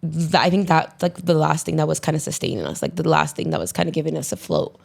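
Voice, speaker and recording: A woman's voice: low voice, fast talker, gravelly. A woman as a podcast guest in casual conversation, telling her story in a heartfelt way.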